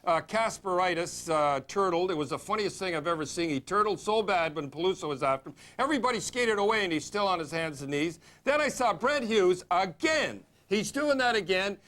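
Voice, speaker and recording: A man with a notably high voice delivers hockey commentary on a TV segment. He is blunt and opinionated and rattles his points off quickly, scolding and cheering by turns. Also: animated, a bit bright. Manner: blunt, opinionated, fast-talking.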